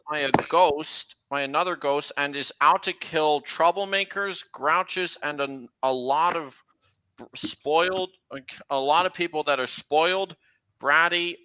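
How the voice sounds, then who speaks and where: A man's voice: fairly high pitch, pushed and bright, smooth, no room sound. A man streaming a casual chat, rambling with many restarts and trailing lists, on a dull lo-fi recording.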